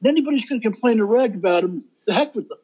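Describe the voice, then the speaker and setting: A man's voice: high voice, lively intonation, very fast, a little mellow, breathy edge, rough recording. A middle-aged man, a comedian guest, talking emphatically and rambling in a casual interview, often seeking agreement.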